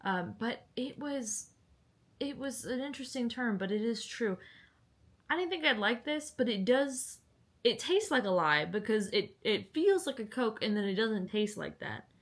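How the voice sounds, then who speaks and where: A young woman with a slightly high, lively voice chats to the camera at home about books, speaking at a normal speed. She's a book vlogger, and her talk is giggly and rambling.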